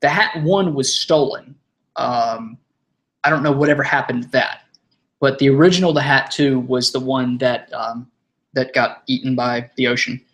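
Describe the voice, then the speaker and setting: A man's voice: mid-range voice, moderate pace, a bit bright. A young man hosting a live stream, chatting casually, rambling, swearing and laughing while he sets up. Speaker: stream host.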